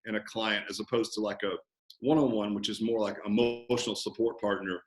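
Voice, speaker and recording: A man guest talking about coaching in a relaxed, animated interview, often acting out conversations. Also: on the low side, fairly quick, reverberant. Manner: animated storyteller, acts out coach-client banter. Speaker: fitness business owner, guest.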